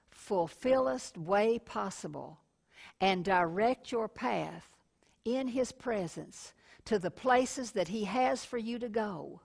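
A woman's voice: medium pitch, vocal fry. Folksy woman TV preacher. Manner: folksy and warm, calls listeners honey, tells personal stories. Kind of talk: sermon.

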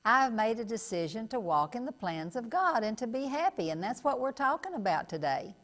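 A woman's voice: fairly high pitch, sing-song, fairly quick, a bit bright. A middle-aged woman hosting a television program, preaching a sermon in a folksy, emphatic way and repeating phrases for stress.

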